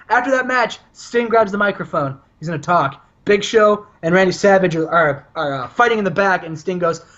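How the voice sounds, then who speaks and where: A man's voice: extremely high pitch, fairly bright tone, muffled recording. A man co-hosting a podcast, telling stories animatedly and laughing often. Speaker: podcast co-host. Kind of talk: casual storytelling chat.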